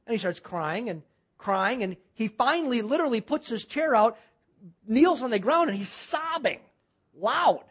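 A minister telling a story in a sermon, earnest, halting and restarting often. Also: mid-range voice, animated, fairly bright tone, husky. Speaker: guest minister.

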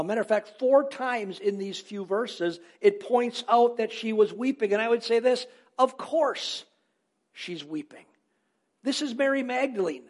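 A man preaching a sermon as a pastor, earnest, asking rhetorical questions and answering them himself, repeating key phrases for emphasis. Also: high-pitched.

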